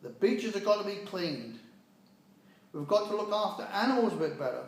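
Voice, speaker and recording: A man's voice: high voice, lively intonation, normal speed. An older man from the UK delivering a preachy, scolding monologue in blunt, impassioned words. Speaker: speaker giving a personal message. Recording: very echoey room.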